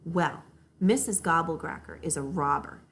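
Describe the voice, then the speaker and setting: A woman voicing a bossy older sister who speaks slowly and deliberately to spook her sibling. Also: sits low, a bit bright, slight background noise. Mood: ominous. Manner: slow, deliberate and ominous.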